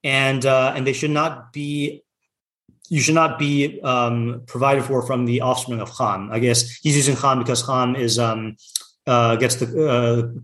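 A man leads a casual Torah lesson in an easy conversational way, dropping in plenty of "like" and "you know". His voice sits at an ordinary middle pitch. He reads Hebrew text aloud and translates it, and the recording carries a noticeable room echo. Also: fairly bright tone. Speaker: Torah class teacher.

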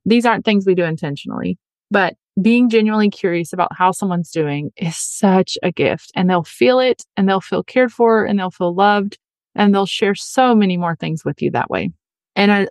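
A woman's voice: medium pitch, dry recording. Woman podcast host, earnest, chatty, dry close sound. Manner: earnest and chatty, acts out quoted voices. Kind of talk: casual advice podcast monologue.

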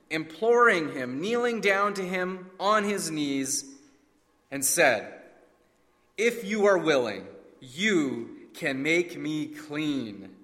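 A man preaching a sermon as a dramatic story, sinking to a hush and then crying out. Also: a little high. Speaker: pastor. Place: church sanctuary. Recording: long reverb of a large hall.

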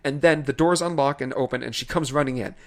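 A man co-hosting a podcast, ranting in casual chat with animated exasperation and laughter. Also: medium pitch, fast. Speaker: podcast co-host reviewing films.

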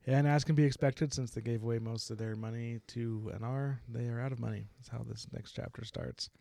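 A young man co-hosting a casual book-discussion podcast, recapping chapters in a chatty, animated way with frequent laughs. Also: medium pitch, a little fast, gravelly. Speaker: podcast co-host.

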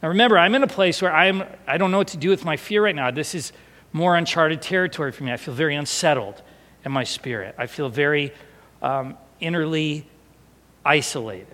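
A man's voice: fairly high pitch, a little fast. Man preaching in an echoing hall. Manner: animated storyteller, drops to hushed emotional tones. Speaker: pastor. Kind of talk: storytelling sermon. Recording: long hall reverb.

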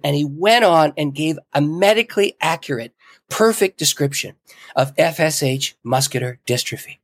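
A middle-aged man, a podcast guest, telling a story in an animated way with frequent chuckles. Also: fairly high pitch, normal speed, no echo. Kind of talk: casual storytelling in an interview.

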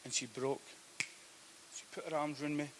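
A man preaching a sermon, telling a story that swings from hushed to loud. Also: fairly high pitch, steady tone, moderate pace, a little hiss or hum. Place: church hall.

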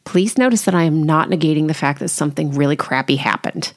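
A woman's voice: sits low, fast talker. A middle-aged woman hosting a solo podcast, chatty and candid with a wry, self-deprecating manner. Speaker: podcast host. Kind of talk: casual solo podcast talk.

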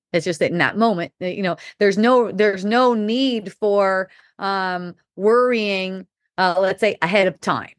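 A middle-aged woman talks loosely and candidly, swearing casually and breaking into laughter. She rambles through restarts at a middling pitch. The sound is dry and close, with no room around it. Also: fairly bright tone, no echo. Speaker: podcast host. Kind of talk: casual spiritual talk.

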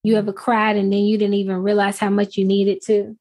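A woman co-hosting a podcast, talking in an emphatic, expressive casual chat and affirming her co-host often. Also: mid-range voice, fairly quick.

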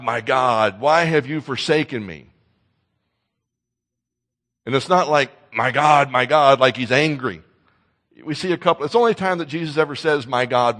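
A man preaching a sermon in an earnest way, swinging between loud emphasis and soft, intense passages, often repeating words as he starts a sentence. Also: mid-range voice, in a large hall. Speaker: pastor.

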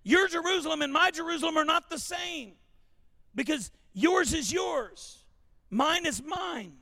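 A man preaching a sermon as pastor, joking and animated, calling for congregation responses. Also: very high voice, a little slow, gravelly, dry recording, clean studio sound. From Louisiana.

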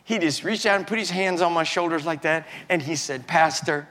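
Male pastor, older, higher-pitched, personal testimony sermon that builds loud and then drops low. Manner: swings from shouting fury to quiet, halting confession.

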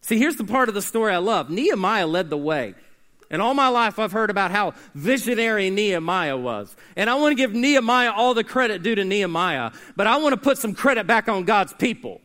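A man preaching a sermon, swinging between hushed, slow stretches and loud, emphatic calls, and getting the congregation to answer back. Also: high voice, very animated. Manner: call-and-response with the congregation. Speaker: pastor.

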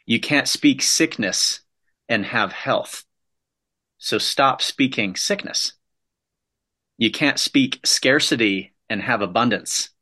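Forceful, bright-voiced motivational speaker man. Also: on the low side. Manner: emphatic, punchy repetitive phrasing. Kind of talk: motivational talk.

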